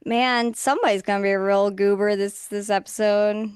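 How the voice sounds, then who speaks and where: A woman's voice: mid-range voice, steady tone, moderate pace, smooth, no echo, clean studio sound. A woman co-hosting a podcast, chiming in on an anime recap with short playful reactions in casual chat. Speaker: podcast co-host.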